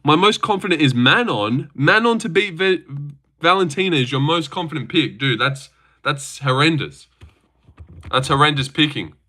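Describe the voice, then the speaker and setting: A man's voice: on the high side, animated, normal speed, sharp tone. A young man hosting a livestream who chats loosely and crudely, swearing, answering chat and stumbling over his words. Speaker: livestream host reacting to fights.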